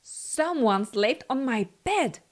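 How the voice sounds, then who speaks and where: Storybook papa bear, big and gruff, slow and growling, read by a woman. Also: a little high, expressive. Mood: indignant.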